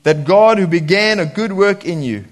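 Lively male preacher, higher voice. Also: moderate pace. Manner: lively, laughs often, mimics voices in quotes. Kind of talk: sermon.

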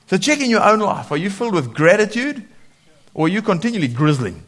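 A man preaching a sermon in a lively way, laughing often and acting out voices when he quotes people. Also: high-pitched, fairly quick.

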